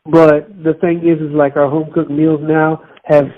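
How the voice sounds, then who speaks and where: A man's voice: on the high side, flat delivery, unhurried, narrow, tinny audio. A man from Miami chatting on a podcast, telling stories in a rambling way. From Miami, United States. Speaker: podcast co-host. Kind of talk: casual chat.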